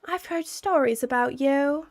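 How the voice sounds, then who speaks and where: A woman voicing a prim girl from an old cartoon film, with a slow, proper transatlantic accent. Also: high-pitched, vocal fry, voice pushed up.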